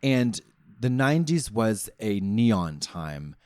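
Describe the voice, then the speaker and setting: A man's voice: on the low side, very animated, slow, darkish tone, smooth, no echo, clean studio sound. A man co-hosting a comedy podcast, talking in a campy, theatrical, mock-posh way. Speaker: podcast co-host.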